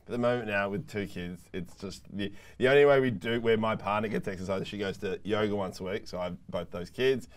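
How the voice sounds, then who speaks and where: A man's voice: on the low side, fast talker, few pauses. A man, a comedian and father of two young kids, talking in casual chat in an earnest, rambling way. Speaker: comedian panelist.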